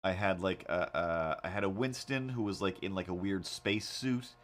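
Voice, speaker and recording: A man hosting a casual livestream while he draws, rambling through animated stories with lots of fillers and restarts. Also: deep voice, normal speed. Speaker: livestream host.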